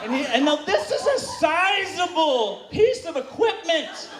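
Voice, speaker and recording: A man telling a bawdy story live on stage to an audience, animated and shouting out quoted moans. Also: very high-pitched, measured pace. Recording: distant, roomy live recording with crowd noise.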